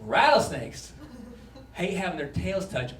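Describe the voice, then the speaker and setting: Animated stand-up comedian in an echoey club. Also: male voice, high-pitched, measured pace. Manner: swearing, animated, acts out voices. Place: comedy club stage with audience laughter. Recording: echoey club recording from a distance.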